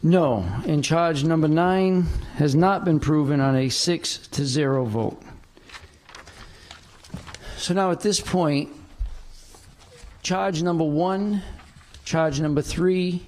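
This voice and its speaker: A man serving as council president, chairing a formal public meeting and reading a prepared statement with slow, deliberate emphasis. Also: on the high side, darkish tone. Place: council chamber.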